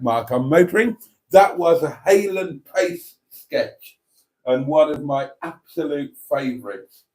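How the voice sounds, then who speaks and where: A man's voice: medium pitch, darkish tone. A middle-aged man hosting a casual livestream, reading viewer comments aloud in a raised voice and answering with mock denials and chatty asides.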